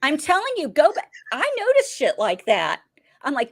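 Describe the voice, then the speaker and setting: A woman's voice: sits high, moderate pace, vocal fry, no echo, studio quality. A woman co-hosting a casual recap chat, retelling scenes with lots of energy and acting out each character's lines. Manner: animated, acts out characters' lines while retelling. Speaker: podcast co-host.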